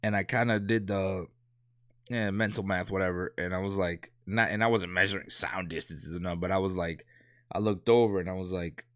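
A man's voice: sits low, steady tone, fairly quick, no room sound, clean studio sound. A man in his thirties telling a casual anecdote, rambling and profane, with many restarts. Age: 30s. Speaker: storyteller.

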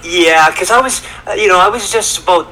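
A man's voice: high-pitched, a little fast, pushed and bright, poor audio. A middle-aged man telling a story as a podcast guest, rambling and repeating words, from Canada. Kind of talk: casual storytelling. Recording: faint background ambience.

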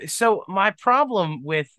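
A young man hosting his own podcast, thinking out loud in a rambling, self-deprecating and joking way. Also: high-pitched, lively intonation, takes it slowly, dry recording. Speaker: podcast host. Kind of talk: casual solo podcast monologue.

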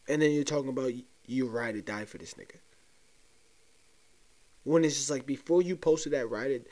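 A young man hosts a solo podcast, ranting loosely and profanely and speaking straight to listeners as if sharing a secret. His medium-pitched voice is darkish, with lively intonation, a moderate pace and long pauses.

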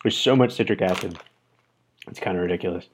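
Man co-hosting a podcast, low voice, easygoing, faint hiss behind. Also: fast talker. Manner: easygoing, lots of fillers. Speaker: podcast co-host. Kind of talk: casual chat.

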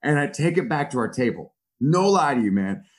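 A man in his thirties, a football coach on a podcast, telling stories in a profane, self-mocking, animated way. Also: mid-range voice, a little fast. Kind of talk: casual storytelling chat.

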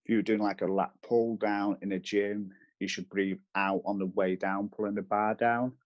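A man speaks in a fairly low voice. He talks as a fitness trainer, laying out simple rules one step at a time in a relaxed chat. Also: moderate pace, muffled recording. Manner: explains step by step with practical rules. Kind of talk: casual podcast chat.

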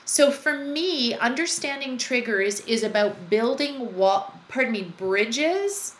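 A woman's voice: a little high, expressive, takes it slowly. A woman speaking as a guest in an interview, telling personal stories in an earnest, reflective way. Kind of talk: conversational interview. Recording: roomy echo, faint background noise.

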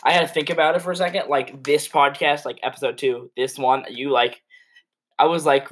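A man's voice: a little high, fairly even intonation, brisk, fairly bright tone. A young man co-hosting a casual podcast, rambling with lots of "like" and chuckling at his co-host. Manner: rambling, lots of "like" and restarts, easily amused. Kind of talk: casual chat.

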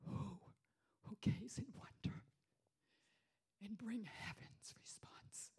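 A woman preaching a sermon, repeating her phrases for emphasis and dropping into hushed whispers before rising to loud declarations. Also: mid-range voice, slow pace, husky.

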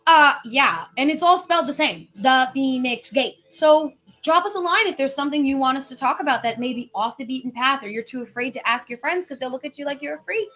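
High-voiced chatty woman podcast host. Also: animated, a little fast, few pauses, fairly bright tone. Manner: chatty, enthusiastic, laughs often. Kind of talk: casual chat.

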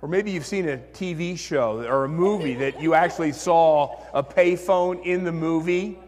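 A man's voice: a little high, moderate pace, big-room sound. Storytelling pastor, man with a raised voice. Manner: animated storyteller, acts out inner voices. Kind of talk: sermon with storytelling.

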